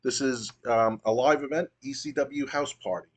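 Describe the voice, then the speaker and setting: A man's voice: mid-range voice, moderate pace. A man casually narrating his wrestling management game, storytelling loosely with fillers. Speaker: game streamer.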